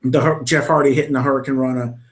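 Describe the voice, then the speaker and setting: A man's voice: medium pitch, level tone, fast. A young man co-hosting a podcast, talking in a rambling, enthusiastic way with many restarts. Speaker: podcast co-host. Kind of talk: casual chat about wrestling commentary.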